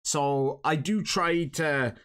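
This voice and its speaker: A man's voice: on the high side, slow, a bit bright, clear, resonant tone. A man with an Irish accent hosting a casual live stream, chatting and joking with his guest and viewers.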